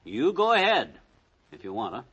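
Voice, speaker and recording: A blustery grumbling husband. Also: male voice, medium pitch, huge pitch swings, moderate pace, fairly bright tone, slightly rough, dull audio, heavily acted. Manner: folksy wisecracks, stubborn grumbling. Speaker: comic lead in radio sitcom. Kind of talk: 1940s radio acting.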